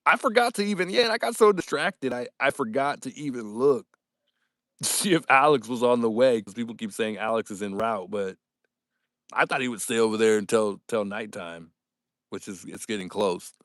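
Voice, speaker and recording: A young man hosting a casual livestream, upbeat and animated as he reads viewer comments and thanks his audience. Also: on the low side, normal speed, dry recording, studio quality. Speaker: livestream host.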